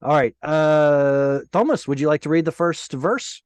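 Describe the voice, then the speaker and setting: A man teaching a Hebrew class over a video call, explaining patiently and sounding out Hebrew words slowly. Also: fairly high pitch, smooth, dry recording.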